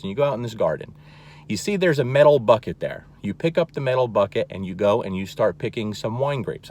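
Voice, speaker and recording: A man's voice: on the low side, a little mellow. A man teaching as a dog trainer, talking plainly and emphatically, often checking in with "okay?" and repeating key words. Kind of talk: instructional talk to camera.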